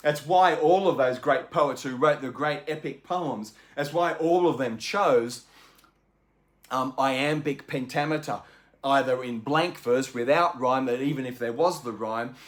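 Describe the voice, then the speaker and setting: A man's voice: medium pitch, a little slow. A man hosting a book channel, explaining in a chatty, enthusiastic way with lots of asides. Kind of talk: casual explanatory book talk.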